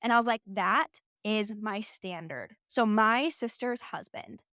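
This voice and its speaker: A woman's voice: medium pitch, a little slow, bright, forceful tone, no echo, studio quality. A young woman in her twenties hosting a podcast, telling a personal story in a casual, chatty way full of "like" fillers. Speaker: podcast host.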